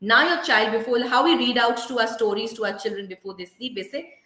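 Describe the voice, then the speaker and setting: An earnest woman with an Indian English accent gives a parenting workshop talk, her voice bright and a little high. She leans on key points by slowing down. The sound is roomy, with a clear echo. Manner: earnest, emphatic, slows down to stress key points. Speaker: parenting educator.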